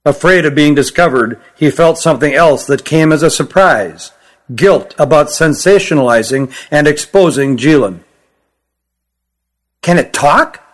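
A man narrating his own novel as an audiobook, in a steady, measured reading. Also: a little high.

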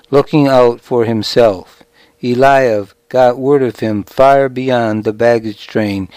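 Slow, measured male storyteller. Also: medium pitch, a little mellow, dry recording, rough recording. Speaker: audiobook narrator. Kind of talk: scripted narration.

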